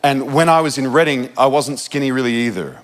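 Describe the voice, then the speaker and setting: A man from Australia with an Australian accent, preaching a sermon and telling a personal story with quick asides and laughter at himself. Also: mid-range voice.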